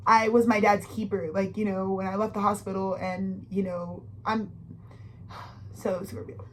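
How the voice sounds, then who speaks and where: A woman in her twenties, an astrology tarot reader, gives a heartfelt, rambling reading as an emotional monologue, full of swearing, restarts and personal stories. Her mid-range voice has a flat delivery at normal speed, with a little hiss or hum in the recording.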